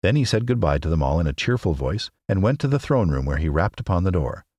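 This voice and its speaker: A man's voice: low-pitched, sing-song, fast, darkish tone, slightly rough, dry recording, clean studio sound. A man narrating a classic children's book as a podcast, reading expressively and doing character voices. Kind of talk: audiobook narration.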